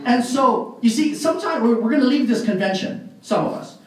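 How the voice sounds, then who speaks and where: A man with a high voice gives an animated motivational speech, laughing often and filling pauses with "um" and "uh". He sounds far off from the mic in a very echoey hall. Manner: animated storyteller, laughs often, many fillers. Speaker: motivational speaker at a sales party.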